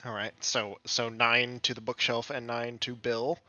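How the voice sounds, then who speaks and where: A man running a tabletop game as game master, often laughing and pausing over rules calls. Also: mid-range voice, level tone, sharp tone, muffled recording.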